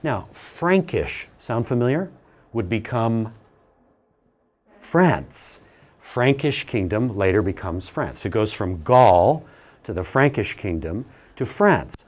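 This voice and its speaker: A middle-aged man giving a classroom lecture, animated and teasing, asking the class questions as he goes. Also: on the low side, slow pace.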